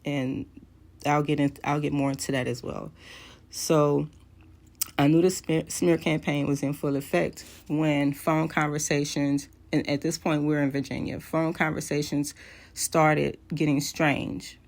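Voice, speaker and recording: Speaking to camera, a woman of around forty tells a personal story in a candid, conversational vlog. Her fairly low, darkish voice carries a gravelly vocal fry and little pitch movement, and she pauses on hesitant fillers as she goes.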